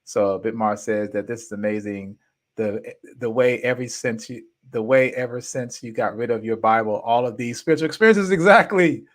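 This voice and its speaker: Animated slangy man telling a story. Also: medium pitch, moderate pace. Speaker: podcast host. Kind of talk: storytelling with live chat.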